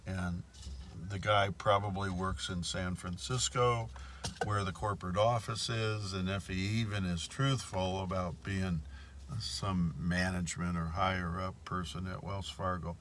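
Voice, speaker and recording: A man's voice: sits low, steady tone, measured pace, a bit bright, a little hiss or hum. A man telling a story in a casual monologue, indignant and repeating his points. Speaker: bank customer telling of a complaint.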